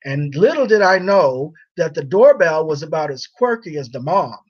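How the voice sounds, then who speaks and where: A man's voice: a little high, very animated, normal speed, muffled recording. A man chatting casually on a livestream in a rambling, teasing way, laughing often.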